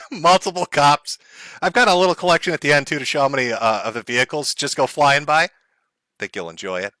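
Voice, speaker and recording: A man's voice: a little high, fairly quick, bright, forceful tone, no echo, clean studio sound. A man hosting a live stream, commenting on clips in a mocking, profane way and laughing often. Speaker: livestream host.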